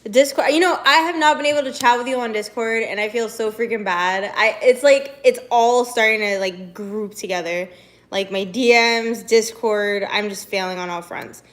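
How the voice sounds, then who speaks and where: A woman's voice: a little high, moderate pace, fairly bright tone. Bubbly young woman streamer chatting. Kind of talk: casual live-stream chat. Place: home, walks to the kitchen.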